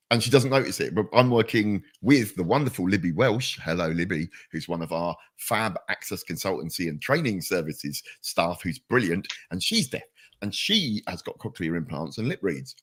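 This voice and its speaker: A man's voice: low voice, moderate pace, husky. A man hosting a casual chat show, telling stories in a chatty, jokey way. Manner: chatty, jokey, animated storyteller. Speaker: show host.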